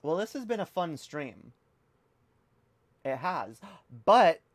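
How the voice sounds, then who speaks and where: A woman's voice: deep voice, no room sound. A woman streaming a reaction video, ranting heatedly and profanely with frequent restarts. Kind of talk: livestream rant.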